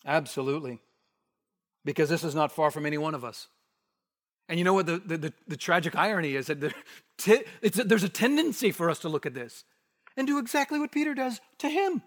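Guy preaching verse by verse, kinda high voice, emphatic, goes real quiet to hit points. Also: expressive, fairly quick. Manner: emphatic, repetitive, with hushed drops for weight. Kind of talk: expository sermon.

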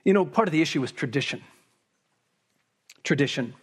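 Husky man preaching with emphatic rises. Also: a little high, animated, a little fast. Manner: emphatic, rising to forceful peaks on repeated phrases. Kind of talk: expository sermon.

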